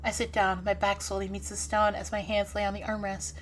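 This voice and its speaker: A woman streamer reading a game's story aloud, animated and breaking off with startled exclamations. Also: medium pitch, fairly quick.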